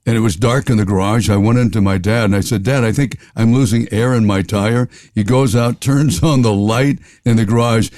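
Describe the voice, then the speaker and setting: Older Southern-raised radio veteran, interview guest, loves jokes and silly voices; dry close mic. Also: male voice, fairly low pitch, fairly even intonation, a little fast, few pauses, a little mellow, no echo. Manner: jokey, playful voices, laughs often. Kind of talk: storytelling interview.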